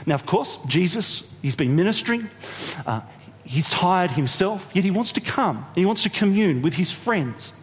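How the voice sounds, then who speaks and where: A man preaching a sermon, retelling a story in an animated way and asking the audience questions. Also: sits high, normal speed, big-room sound. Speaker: pastor.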